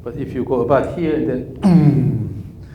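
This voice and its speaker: A man's voice: medium pitch, slow, phone-quality sound, a little hiss or hum. A man coaching a golf student live with clipped instructions and repeated counting cues, a native Korean speaker. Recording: echoey room with faint ambience.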